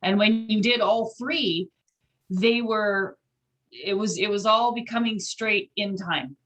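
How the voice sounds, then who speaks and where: A woman's voice: mid-range voice, takes it slowly, fairly bright tone, poor audio. A middle-aged woman student on a video call, sharing her experience in a reflective, chatty way.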